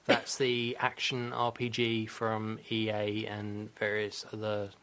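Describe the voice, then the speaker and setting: A man's voice: lowish voice, completely flat delivery, slow pace, fairly bright tone. A man hosting a gaming podcast in casual, rambling chat, laughing often at himself. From Britain. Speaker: podcast host.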